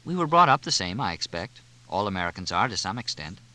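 A man's voice: low-pitched, sing-song, fast talker, sharp tone, full character voice. A man voicing an outspoken young woman who lectures emphatically. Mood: lecturing.

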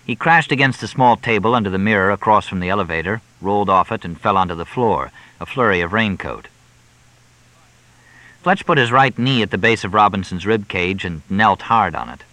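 Low, bright male audiobook narrator. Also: brisk, dry recording, rough recording. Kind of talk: scripted narration of a crime novel.

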